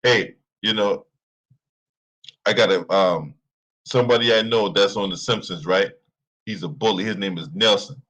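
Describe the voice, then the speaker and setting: Husky man mocking in sports commentary. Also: on the low side, normal speed, long pauses, fairly bright tone. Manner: laughing, profane, mocking. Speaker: sports commentary channel host.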